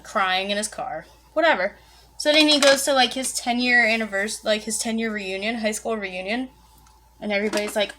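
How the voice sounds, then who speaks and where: A woman's voice: medium pitch, fairly bright tone. A young woman vlogger in casual chat, retelling a movie plot in a chatty, exasperated and profane way, full of fillers.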